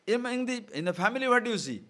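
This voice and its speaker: A man's voice: very high voice, very fast. A man giving a spiritual discourse, often putting rhetorical questions to his listeners. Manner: animated, rhetorical questions to the audience. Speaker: spiritual teacher. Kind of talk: discourse on scripture.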